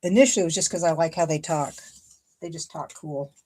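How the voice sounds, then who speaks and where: On her casual crafting livestream, a card-making host from Ohio, USA, chats away and thinks aloud while cutting and gluing a paper card. Her voice sits low with a warm tone, she talks a little fast, and there's slight background noise.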